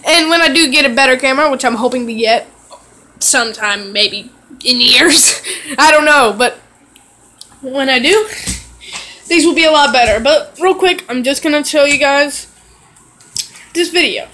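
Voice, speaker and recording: A young woman from Texas with a high voice vlogs at home into her phone camera. She talks in a loose, chatty way, wanders between points, and drops casual swear words. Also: normal speed, long pauses, sharp tone, low-quality recording. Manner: chatty, digressive, swears casually, self-mocking. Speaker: vlogger. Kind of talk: casual rambling vlog.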